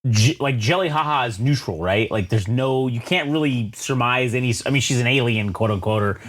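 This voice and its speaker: A man's voice: mid-range voice, brisk, fairly bright tone. A man co-hosting a casual podcast chat, swearing freely and riffing on his opinions. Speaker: podcast co-host.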